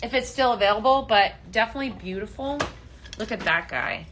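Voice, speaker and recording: A woman's voice: fairly high pitch, lively intonation, a little fast, fairly bright tone, slight background noise. A woman hosting a casual live-stream shopping show, chatty and upbeat, with many ums, calling viewers her friends.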